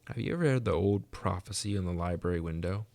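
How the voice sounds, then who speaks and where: A weary, centuries-old ghost from a storybook, as a man puts him on, sad and lonely. His deep, gravelly voice moves slowly and dreamily, low and heavy with longing. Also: a little mellow. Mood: solemn.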